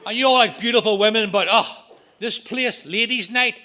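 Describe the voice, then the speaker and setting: A middle-aged man with a Northern Irish accent telling his recovery story at a meeting, with quick jokes and punchlines. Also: sits high, sharp tone. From Northern Ireland. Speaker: AA speaker.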